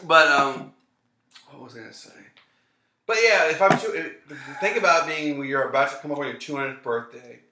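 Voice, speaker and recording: A man's voice: a little high, moderate pace, background noise. A man in his thirties, a comedian guest, trading dry, sarcastic quips in casual drinking chat. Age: 30s. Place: small apartment. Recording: echoey apartment room.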